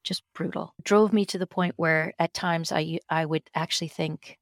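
A middle-aged woman telling a personal story as a podcast guest, emphatic and expressive, with sudden jumps in pitch. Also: normal speed, creaky, no room sound, studio quality.

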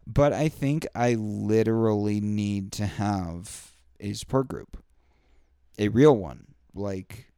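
A man's voice: fairly low pitch, takes it slowly, mellow, clear, resonant tone, no room sound, studio quality. A young man hosting a podcast, talking in a rambling, profane and heartfelt solo rant full of fillers. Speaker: podcast host. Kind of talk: candid solo podcast monologue.

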